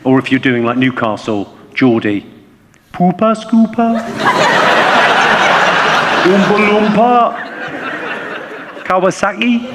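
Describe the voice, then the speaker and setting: A man doing stand-up comedy with an English accent, delivering deadpan quick comebacks to the audience. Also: mid-range voice. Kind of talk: stand-up comedy with crowd work. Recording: live theatre, long reverb and loud noise.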